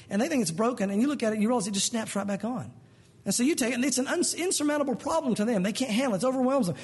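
Fast-talking husky-voiced pastor preaching. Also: male voice, very high-pitched, animated, a little mellow. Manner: conversational preaching, acts out quoted voices. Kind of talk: sermon.

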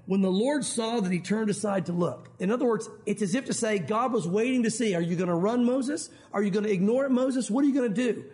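A man's voice: high-pitched, darkish tone. A man preaching a sermon in a conversational way, firing rhetorical questions at his listeners. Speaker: pastor.

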